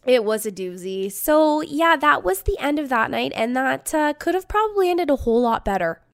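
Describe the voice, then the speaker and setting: A woman in her thirties with a slightly high voice tells a story in a loose, profane monologue. She acts out every quote and laughs her way through the retelling. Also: very animated, moderate pace, creaky, fairly bright tone. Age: 30s.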